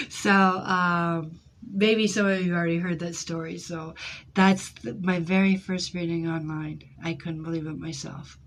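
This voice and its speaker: A woman who reads tarot, casually telling stories to an audience in an animated, joking way and laughing often. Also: lowish voice. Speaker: tarot reader.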